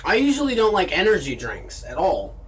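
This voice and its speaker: A man's voice: sits high, huge pitch swings, fairly quick, a bit bright, a little hiss or hum. Tired rambling man, slightly distant mic. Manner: weary, rambling, talking to himself. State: tired and run down. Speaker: gas station clerk. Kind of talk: casual video diary. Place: gas station during a shift.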